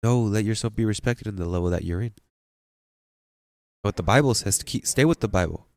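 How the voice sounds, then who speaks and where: A male pastor delivers a sermon in a lower voice, pressing his points and putting questions to his listeners. The sound is dry, with little room in it. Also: fairly quick, no echo. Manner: emphatic preaching, asks the congregation questions.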